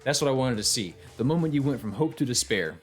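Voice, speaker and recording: A man's voice: medium pitch, lively intonation, quick pace, breathy edge, faint music behind. A man voicing a gloating, mocking robot bear headmaster as he reads game lines on stream, taunting and theatrical. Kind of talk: reading game dialogue aloud on stream.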